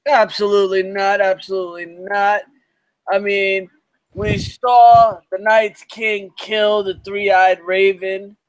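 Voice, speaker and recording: Blunt, high-voiced male co-host. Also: little pitch movement, takes it slowly, clean tone, dry recording. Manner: blunt, swearing, comic asides. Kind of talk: casual live podcast chat.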